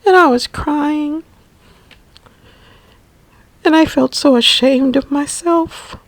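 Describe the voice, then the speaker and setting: A woman narrating a personal caregiving memoir, emotional and halting, often repeating words. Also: sits high, dry recording, low-quality recording. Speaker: family caregiver.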